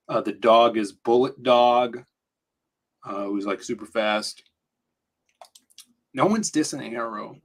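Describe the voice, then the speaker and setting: Male stream co-host, mid-range voice, slightly hoarse, rambling casual chat. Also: mid-range voice. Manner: rambling, flipping through comics and commenting. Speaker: co-host of a comics talk stream.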